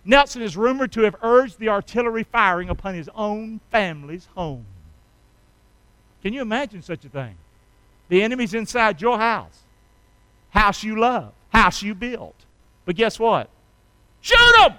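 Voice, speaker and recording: A man preaching a sermon, prompting his congregation to answer back, dropping soft and low at times and then bursting out loud. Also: animated, moderate pace, smooth, no room sound, rough recording. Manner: swings from soft and low to sudden loud shouts. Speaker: pastor.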